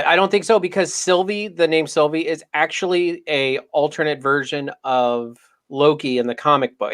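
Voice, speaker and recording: A man's voice: a little high, a bit bright. A man casually chatting as a podcast co-host, thinking aloud with lots of hedging and fillers. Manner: thoughtful, hedging, many fillers. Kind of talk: casual chat.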